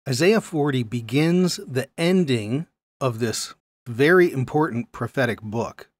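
A man teaching a Bible lesson on video in an animated way, often checking in with his listeners. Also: mid-range voice, dry recording.

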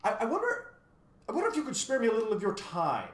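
A man playing a faceless, overly polite gentleman. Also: fairly high pitch, very animated, fairly quick, reverberant, voice pushed up. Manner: politely wheedling, eager to please.

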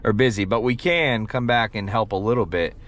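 A man hosting a paranormal vlog, talking in a hushed, halting, emotional way at a cemetery. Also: on the low side. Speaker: paranormal vlogger host. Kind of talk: casual ghost-hunting vlog commentary. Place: outdoors and in a car at a cemetery.

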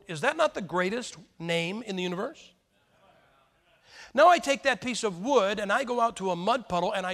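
High and gravelly, pushed and bright, the voice belongs to a preacher in his sixties giving a folksy sermon full of rhetorical questions for his listeners. Each phrase is followed by a long hall reverb.

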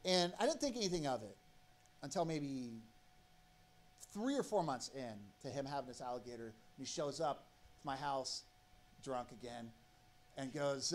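A man's voice: medium pitch, normal speed, pauses often, a little hiss or hum. Guy doing stand-up, swears a lot, bouncy voice all over the place. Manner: profane, rambling, animated. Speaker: comedian. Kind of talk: stand-up storytelling. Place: comedy theater stage.

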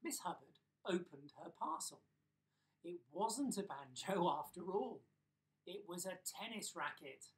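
Middle-aged man, bedtime story reader, lively pitch, distant mic. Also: measured pace. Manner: animated, chuckling asides. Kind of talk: reading a children's bedtime story live. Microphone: phone or laptop on a live video stream.

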